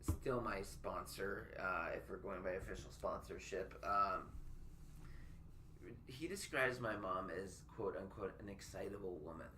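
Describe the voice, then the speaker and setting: A man hosting a podcast in casual chat, rambling and stammering, quick to poke fun at himself. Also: low-pitched, sharp tone, slight background noise. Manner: rambling, stammering, self-deprecating. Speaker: podcast host.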